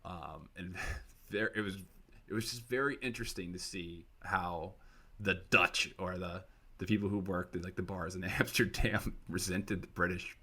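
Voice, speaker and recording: Very deep-voiced young man, rambling. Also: fairly even intonation, moderate pace, pushed and bright, slightly rough. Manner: rambling storyteller who digresses. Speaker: podcast co-host. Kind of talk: casual chat.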